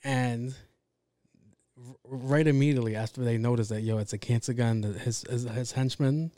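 A man's voice: mid-range voice, steady tone, normal speed, mellow, dry recording. A man hosting a podcast, talking in a casual, rambling monologue full of swearing and self-interruptions. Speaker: podcast host.

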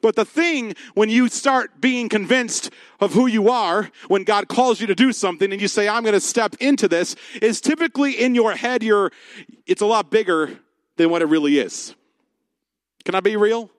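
Animated male pastor, high voice, dry sound. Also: normal speed, no room sound. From Michigan. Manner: animated storytelling, acts out quoted voices. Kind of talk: sermon.

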